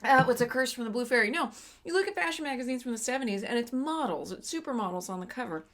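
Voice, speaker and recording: A woman's voice: a little high, expressive, fast talker, fairly bright tone. A woman co-hosting a casual movie review podcast, opinionated and ranting, swearing freely. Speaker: podcast co-host.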